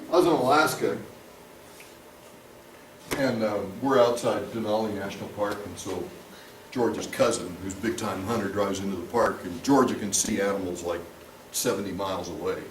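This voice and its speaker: A man teaching a church Bible class, mixing scripture reading with funny personal stories. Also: on the low side. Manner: animated, humorous storyteller. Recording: echoey room, distant mic, background noise.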